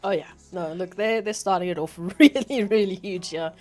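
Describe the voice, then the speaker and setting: A woman with a South African accent doing play-by-play esports commentary, getting excited and loud at big plays. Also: fairly low pitch, normal speed, soft background music. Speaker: esports caster.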